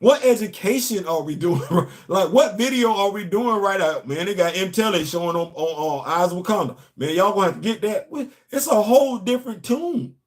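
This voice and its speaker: A man's voice: high-pitched, lively intonation, fairly quick, few pauses. A man hosting a comics commentary show, ranting emphatically and repeating himself. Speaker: host. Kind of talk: casual commentary.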